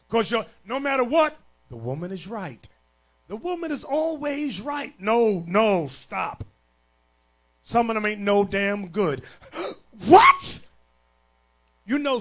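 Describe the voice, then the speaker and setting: A man preaching as a bishop, blunt and forceful, dropping to low mutters and rising to shouts. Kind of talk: sermon.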